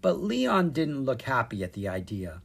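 An expressive storybook narrator reads with a lively, sing-song lilt that rises and falls across each sentence. The voice has a slightly husky grain throughout. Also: medium pitch, normal speed. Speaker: audiobook narrator.

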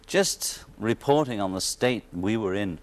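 Man, Liverpool accent, wry joking talk show guest, low voice, TV studio. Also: animated, a little slow. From Liverpool, England. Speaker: guest musician. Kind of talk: casual talk show chat. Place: television studio set.

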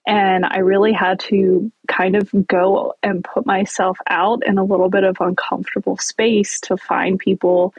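A woman's voice: on the low side, husky, dry recording, lo-fi sound. A woman who is a guest on a podcast, speaking openly and reflectively. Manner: open, reflective, laughs easily. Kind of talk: casual podcast interview.

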